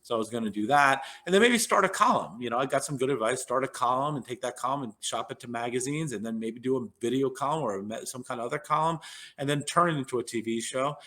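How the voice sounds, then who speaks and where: A man in his fifties rambles through his anecdotes, full of fillers and restarts. His voice sits at an ordinary pitch for a man, and he tells his stories in a casual way. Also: fast, sharp tone. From New York. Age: 50s. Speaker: podcast guest, neurologist. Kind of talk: casual storytelling interview.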